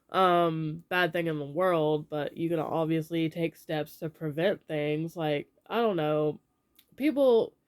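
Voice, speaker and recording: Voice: mid-range voice, clean tone. A young adult vlogger sharing opinions in a casual, rambling way, with lots of fillers.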